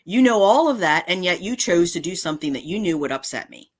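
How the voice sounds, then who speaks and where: A woman's voice: lowish voice, animated, brisk. A woman vlogger delivering an angry, confrontational rant straight to camera, indignant and repeating her points. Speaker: cat channel vlogger.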